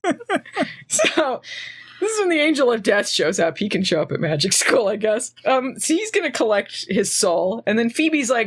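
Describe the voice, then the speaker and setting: A woman's voice: fairly high pitch, sing-song, normal speed, breathy edge. A woman hosting a podcast, recapping a TV episode in casual, sarcastic chat and laughing often. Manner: sarcastic, laughing, acts out quotes. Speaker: podcast host.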